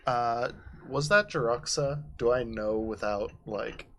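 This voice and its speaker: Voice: mid-range voice, takes it slowly, a little hiss or hum. A player at a tabletop game, speaking hesitantly and thinking aloud about what their character does. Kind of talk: casual tabletop play.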